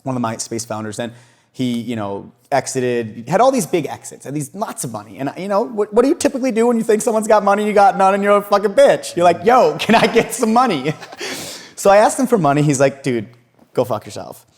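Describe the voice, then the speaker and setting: A man's voice: high voice, fast talker. A young man, a podcast guest, telling his story casually and with lots of profanity, laughing often and acting out what others said. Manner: animated, profane, laughs often, acts out quotes.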